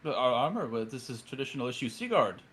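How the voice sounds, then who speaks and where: A man's voice: medium pitch, sing-song, fast, a bit bright, a little hiss or hum. Guy doing a defensive ship guard, stiff and dismissive.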